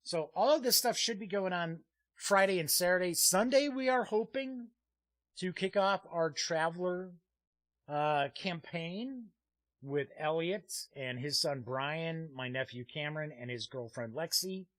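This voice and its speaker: A man hosts a live-streamed tabletop gaming show, reading viewer comments aloud while rambling casually and dropping frequent "uh" fillers. His voice is a little high and a bit bright, with lively intonation and an unhurried pace. It's captured dry on a streaming desk mic, with no room sound.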